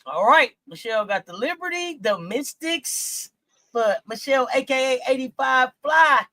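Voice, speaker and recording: A woman hosting a casual sports talk stream, animated and incredulous, repeating herself as she talks. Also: high-pitched, moderate pace, no echo. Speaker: sports talk show host.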